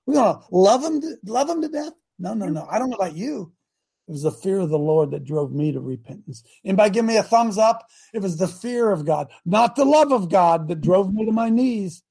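A man's voice: sits high, lively intonation, brisk, gravelly, warm tone, slightly rough. An older man hosting a live show, preaching emphatically and calling on his audience to answer. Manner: emphatic, exclamatory, calls out to the audience. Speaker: host and preacher. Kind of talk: fiery live-show sermon.

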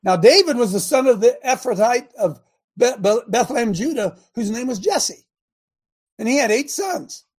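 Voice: medium pitch, expressive, normal speed, husky. A preacher delivering a dramatic sermon, retelling scripture loosely and calling the congregation to answer amen.

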